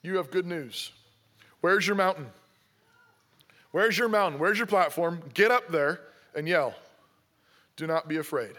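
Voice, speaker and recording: Male pastor, high bright voice, preaching with insistent repeated questions. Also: animated, measured pace, pauses often. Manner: exhorting, repeats rhetorical questions. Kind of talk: sermon.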